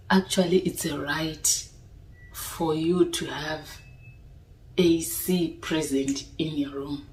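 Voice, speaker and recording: A woman's voice: low voice, warm tone, distant mic, slight background noise. A young woman, talking casually to her viewers and often asking "you understand?". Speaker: vlogger. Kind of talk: casual talk to camera. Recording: roomy echo, voice a little off-mic.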